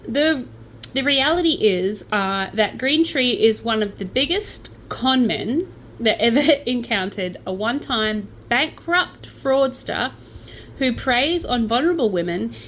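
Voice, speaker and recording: Chatty Australian woman with lively pitch. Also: slight background noise, low-quality recording. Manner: chatty and sardonic, with playful asides. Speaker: true crime channel host. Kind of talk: casual storytelling chat.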